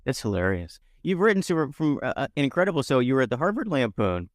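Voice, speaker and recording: A man's voice: medium pitch, big pitch swings, fast, no room sound, clean studio sound. A man hosting a podcast interview, asking eager, rambling questions. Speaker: podcast host. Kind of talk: interview chat.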